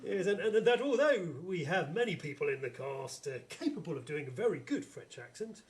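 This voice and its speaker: A man's voice: a little high, sing-song, fairly quick. A man acting a bumbling, pompous police inspector in a live stage comedy sketch, with stagey, stammering delivery. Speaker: comedy actor.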